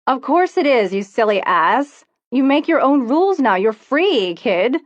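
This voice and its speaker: A woman voicing a brash, crude teenage girl who teases loudly and bluntly, on a dull, lo-fi recording. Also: fairly low pitch, expressive, normal speed, dry recording. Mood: teasing. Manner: loud, teasing, blunt.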